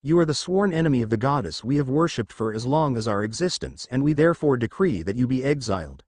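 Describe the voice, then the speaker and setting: A man's voice: mid-range voice, lively intonation, fast, darkish tone, no echo, lightly acted. A man voicing a stern, commanding warrior queen who formally pronounces judgment, in a dry, close recording.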